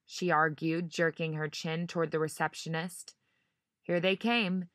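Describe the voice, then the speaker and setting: A woman narrating a novel in measured storytelling style, giving each character a voice. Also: deep voice, steady tone, a bit bright, no room sound, clean studio sound. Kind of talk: audiobook narration.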